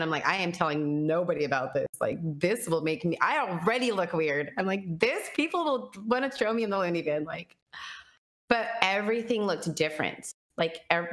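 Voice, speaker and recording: A woman's voice: on the low side, a bit bright. Chatty woman telling a personal story. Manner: chatty, full of "like" and quoted inner speech; earnest and reflective. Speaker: guest telling her conversion story. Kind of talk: casual conversation.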